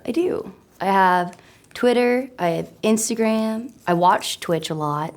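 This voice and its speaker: A young American woman in a casual interview, chatty and self-mocking, laughing often, her voice slightly raspy. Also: mid-range voice, a little slow, a little hiss or hum. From United States. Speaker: actor answering web search questions.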